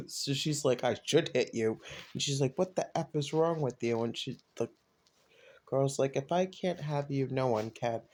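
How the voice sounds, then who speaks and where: A man casually telling a personal story, raising his voice when quoting others. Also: unhurried. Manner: animated retelling, voices quotes with rising pitch. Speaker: storyteller recounting a personal event.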